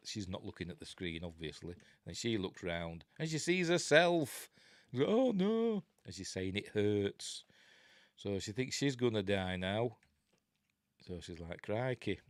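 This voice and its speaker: A middle-aged Yorkshire man talks through a film in a loose, chatty way and throws in sarcastic jabs. His voice sits low but swings up and down a lot. The sound is dry and close. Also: dry recording. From Yorkshire, England. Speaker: film review host. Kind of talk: casual live film commentary.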